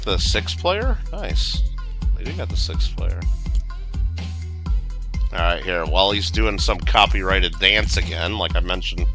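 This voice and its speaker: A man streaming a video game, chatting casually, reading viewer comments aloud and swearing now and then. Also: deep voice. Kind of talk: casual livestream gaming chat.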